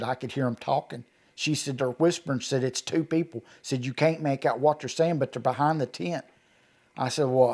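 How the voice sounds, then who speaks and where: With a mid-range, darkish voice, a middle-aged eyewitness from Kentucky shares his account in a storytelling interview. He talks like a rural yarn-spinner and plays out the conversations he describes.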